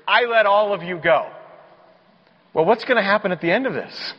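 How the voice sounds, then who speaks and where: A man preaching a sermon, emphatic and building to loud, rising exclamations. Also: sits high, normal speed, long pauses. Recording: dull, hall-like reverb.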